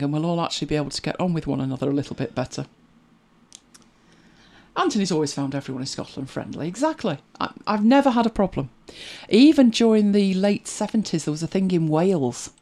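A middle-aged English-accented host chats in a relaxed, reflective way, often laughing and slipping into asides. The mid-range voice is expressive and mellow, at a quick pace.

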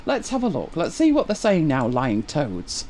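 A woman hosting a live stream, chatting casually with viewers, wry and exasperated with quick laughs. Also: low voice, huge pitch swings, mellow, slight background noise. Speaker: livestream host.

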